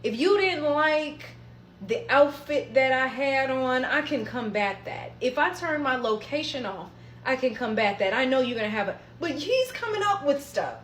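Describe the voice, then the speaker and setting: A woman with a fairly high voice tells a personal story straight to her viewers, animated and freely swearing. Her voice rings in a roomy space. A faint hum sits underneath. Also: normal speed. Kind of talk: casual storytime monologue.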